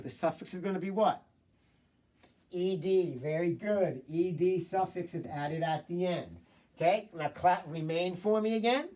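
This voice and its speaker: A man teaching a recorded phonics lesson to children, prompting them, praising answers and sounding out words slowly. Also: sits high, a little mellow, distant mic.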